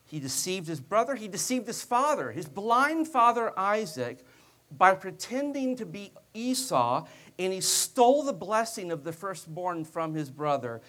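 High-voiced preacher telling a story. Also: male voice, sing-song, unhurried, bright, forceful tone. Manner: conversational storytelling with joking asides. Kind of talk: sermon.

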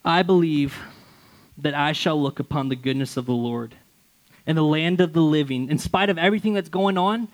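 A young male pastor delivers a sermon in a voice that sits a little high. He reads scripture passages aloud, then explains them in an easy, conversational way, sometimes restarting a phrase. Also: a little fast, rough recording.

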